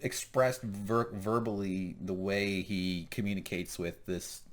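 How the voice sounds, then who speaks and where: A man's voice: sits low, fairly even intonation, slow. A man co-hosting a casual recap chat, joking, swearing freely and slipping into mock voices. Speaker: podcast co-host.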